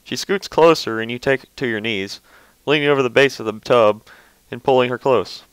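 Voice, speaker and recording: A man's voice: medium pitch, moderate pace, smooth, no echo, poor audio. A man reading fan fiction aloud, often stumbling over words and breaking off into casual, offhand asides. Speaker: reader.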